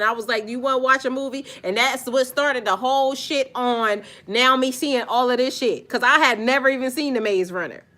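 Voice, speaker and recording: Bright-voiced woman ranting on a live stream. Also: high voice. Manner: animated, profane, slangy, talks straight to viewers. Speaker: spiritual vlogger live-streaming. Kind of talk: casual live-stream chat.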